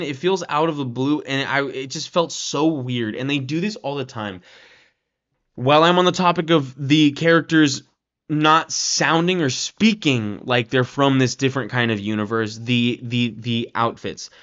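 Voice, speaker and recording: A man's voice: medium pitch, fairly bright tone, lo-fi sound. A man giving a casual, rambling film review rant, leaning on "like" and "right?" and swearing now and then.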